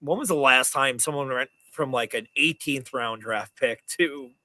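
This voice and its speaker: A man hosts a casual sports podcast. His voice is bright and sits dry and close to the mic. He talks in halting bursts, restarting his sentences often. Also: medium pitch, no room sound. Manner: halting, many restarts and fillers. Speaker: podcast host. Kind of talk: casual fantasy football chat.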